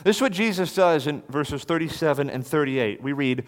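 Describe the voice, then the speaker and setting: A man preaching an expository sermon, swinging from loud declaration to hushed near-whisper. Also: on the high side, expressive, normal speed, long reverb tail.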